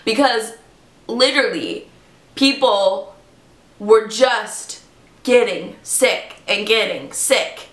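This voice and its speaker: A woman vlogger telling a story to camera in a dramatic, animated way. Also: medium pitch, takes it slowly. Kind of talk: storytime vlog. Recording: echoey room.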